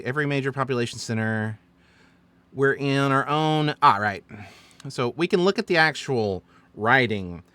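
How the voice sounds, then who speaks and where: A man's voice: mid-range voice, bright, forceful tone, no echo. A man as dungeon master, chattily recapping and explaining his choices on a stream. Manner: chatty, explaining with fillers and self-corrections.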